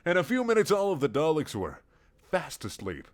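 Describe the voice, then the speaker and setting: A man's voice: fairly high pitch, huge pitch swings, moderate pace. A man reading a playful fan story aloud as narrator. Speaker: reader.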